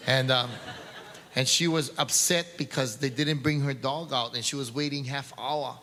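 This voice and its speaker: A man's voice: medium pitch, fairly even intonation, normal speed, bright, forceful tone, big-room sound. A man doing stand-up, telling jokes in a pidgin-flavored storytelling voice. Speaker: comedian. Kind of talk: stand-up joke telling with sung refrains.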